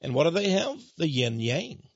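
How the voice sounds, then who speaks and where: A middle-aged man giving an animated, emphatic storytelling lecture with dramatic pauses. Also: fairly high pitch, dry recording. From Austin, Texas. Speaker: speaker on Freemasonry. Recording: dull, dry lo-fi recording.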